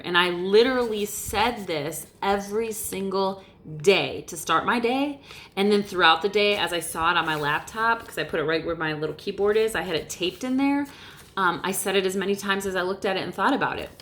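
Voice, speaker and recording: A middle-aged woman giving a casual motivational talk to camera, animated and emphatic, swearing casually. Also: mid-range voice. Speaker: motivational vlogger. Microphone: camera mic, looking off-lens.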